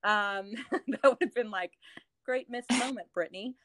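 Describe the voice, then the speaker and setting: A woman's voice: mid-range voice, a little slow, a bit bright, no echo. A woman from New Orleans, a real estate agent turned TV host, telling stories in a casual chat with lots of laughs and fillers. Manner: giggly, chatty storyteller with lots of fillers.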